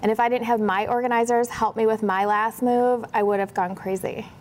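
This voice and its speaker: A woman's voice: on the high side, brisk, slight background noise. A woman, a professional organizer, telling stories in a casual interview and acting out the dialogue in a livelier voice. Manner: animated, acts out dialogue in a brighter voice.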